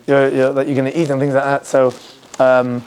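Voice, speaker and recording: Man, rabbi, informal class to students, animated, acts out voices, rhetorical questions, middle pitch. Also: a little fast, clear, resonant tone.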